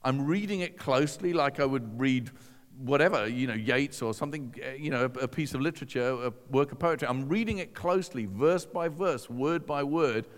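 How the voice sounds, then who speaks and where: A man of medium pitch tells his own story to a crowd, chatty and self-deprecating, with dry little jokes. His voice rings out with a long reverb tail, as if he is speaking in a large hall. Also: moderate pace. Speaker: speaker giving a personal testimony. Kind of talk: storytelling talk to an audience.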